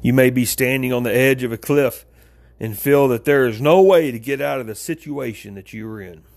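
A man preaching an informal sermon, talking straight to his listeners as folks, with big swings in pitch. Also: normal speed, vocal fry, a little mellow.

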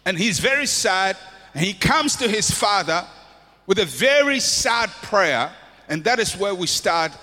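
A man's voice: high voice, sing-song, measured pace, pushed and bright, faint music behind. A man preaching a sermon with an impassioned, repetitive cadence in a church hall. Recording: long hall reverb.

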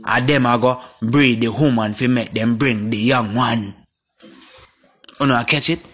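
Jamaican man, impassioned vlog rant, forceful and repetitive, mid-pitched voice. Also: a little slow, breathy edge. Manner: preachy, repetitive, speaking in Jamaican patois; forceful and confrontational. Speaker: vlogger. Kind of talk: impassioned monologue to camera.

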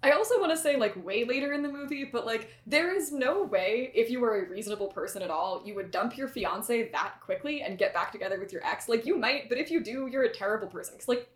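A woman's voice: fairly high pitch, expressive, quick pace, few pauses. A woman co-hosting a podcast in casual chat, easygoing and chatty with many hedges. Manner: chatty, easygoing, fond of hedging. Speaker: podcast co-host. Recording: roomy echo, rough podcast audio.

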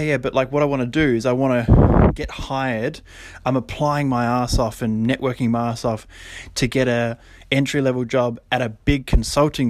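A man's voice: medium pitch, no room sound. Young man, solo podcast host, casual but preachy, close and dry. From Australia. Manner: animated and preachy, with frequent fillers and laughs.

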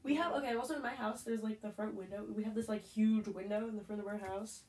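A woman's voice: mid-range voice, fairly even intonation, quick pace, a little mellow. A young woman guest on a podcast, talking bluntly and swearing freely. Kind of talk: casual chat. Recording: roomy, distant from mic, faint noise.

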